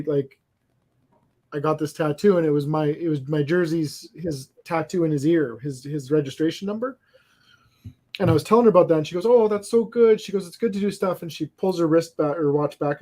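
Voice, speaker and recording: Guy with a kinda high voice rambling through a story on a casual podcast, lots of restarts. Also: mellow. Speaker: podcast host.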